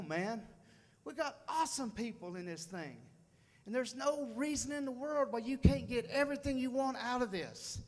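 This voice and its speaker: Fired-up high-voiced man, hall reverb. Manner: fired-up, folksy, repeats phrases for emphasis. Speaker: motivational speaker at a sales meeting. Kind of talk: motivational speech. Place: meeting room with an audience.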